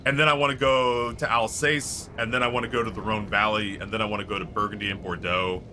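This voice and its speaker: A man's voice: fairly low pitch, level tone, fast, bright, forceful tone. A man chatting while he streams a game, rambling and swearing, with filler words throughout. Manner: rambling, profane, heavy use of filler words. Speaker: Twitch streamer. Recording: clear background noise.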